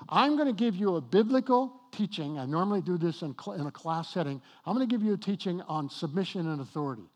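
High voiced guy preaching, punchy and slow on the big points, teasing the crowd a bit. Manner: emphatic, slows and rises on key points, jokes with the congregation. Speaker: pastor. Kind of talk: sermon. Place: church with congregation.

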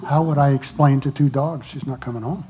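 A pastor speaking to his congregation, exhorting people not to go through hard times alone and pausing often with fillers. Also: medium pitch, steady tone, dark tone. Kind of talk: testimony to a church congregation.

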